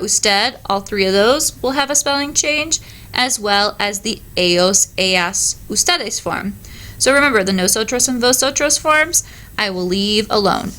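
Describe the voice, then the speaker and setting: A woman's voice: mid-range voice, bright, forceful tone. A woman teacher explaining Spanish verb conjugation in a recorded lesson, patiently modelling each word.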